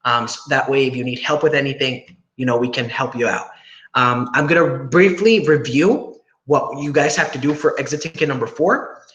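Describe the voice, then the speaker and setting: A man's voice: medium pitch, moderate pace, fairly bright tone, highs cut off. A young man teaching a class over a video call, explaining step by step and often asking "right?" to check that students follow. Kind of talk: online class instruction. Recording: echoey room with faint noise.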